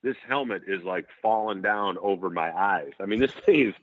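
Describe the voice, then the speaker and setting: A lower-pitched man from Saint Paul tells a long, lively football anecdote, full of restarts and quick laughs. His voice comes through a thin, phone-like line with a dry, close sound. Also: dry recording. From Saint Paul, Minnesota. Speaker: former NFL center, guest. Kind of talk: casual storytelling.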